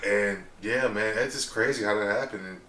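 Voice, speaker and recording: Low bright-voiced man in echoey room. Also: normal speed, slight background noise. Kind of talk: casual chat. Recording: echoey room, distant mic.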